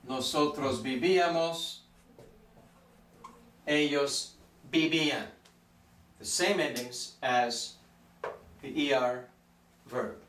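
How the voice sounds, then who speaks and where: A man's voice: on the high side, a bit bright, distant mic. Male teacher in an echoey room. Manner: patient, stretches out example words. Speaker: Spanish teacher. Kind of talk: explanatory lesson.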